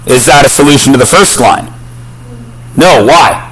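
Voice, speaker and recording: A man's voice: medium pitch, lively intonation, moderate pace, fairly bright tone, rough recording. A man teaching a math class, quizzing students and cracking jokes. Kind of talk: classroom lesson.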